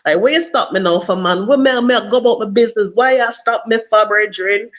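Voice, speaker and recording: A woman's voice: mid-range voice, fairly quick, dull audio, lightly acted. Woman putting on a joking Jamaican-style voice. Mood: teasing. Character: joking easygoing Jamaican-talking woman, sweet-talking a cop.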